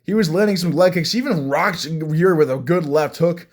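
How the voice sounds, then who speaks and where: A young man giving casual fight reaction commentary, excitable and rambling, with many restarts. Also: a little high, fairly quick. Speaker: MMA fan reviewing fights.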